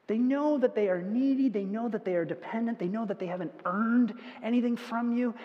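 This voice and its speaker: A man with a high voice preaches a conversational sermon, now and then putting on the whiny voices of little children. The sound is dull and lo-fi, with a long reverb trailing off the walls of a large hall. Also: fairly quick, few pauses. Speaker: pastor.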